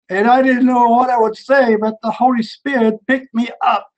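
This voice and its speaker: A man's voice: very high-pitched, level tone, normal speed, lo-fi sound. An older man with a German accent, giving a fervent sermon testimony about his childhood. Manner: rising to fervent, emphatic preaching. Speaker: preacher.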